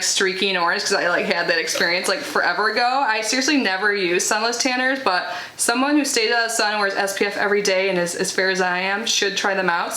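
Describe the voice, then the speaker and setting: A young woman's mid-range voice comes across bright and forceful as she unboxes products on her vlog. Chatty and full of filler words, she reads the product blurbs aloud, recorded in an echoey room with faint background noise.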